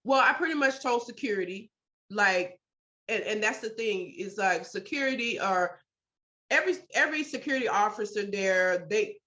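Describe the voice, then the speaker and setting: A middle-aged woman, a mother, telling in an interview about a hard hospital stay, emphatic and animated, repeating herself when upset. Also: mid-range voice, moderate pace. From United States. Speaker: parent telling her story. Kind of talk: interview storytelling. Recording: dull lo-fi sound.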